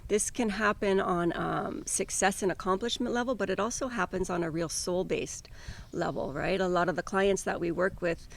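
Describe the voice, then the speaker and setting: A woman's voice: fairly low pitch, steady tone, normal speed, vocal fry, a little hiss or hum. A woman life coach co-hosting a podcast, explaining ideas in an earnest, encouraging way. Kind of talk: casual conversational podcast.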